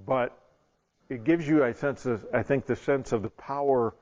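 Male preacher, animated storyteller, mid pitch, dull lo-fi audio. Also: normal speed. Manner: animated, acts out the voices in his stories. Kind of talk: sermon storytelling.

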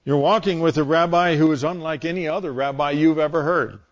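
A man's voice: fairly high pitch, fairly quick, muffled recording. A man preaching a sermon in a storytelling way, acting out scenes with different voices.

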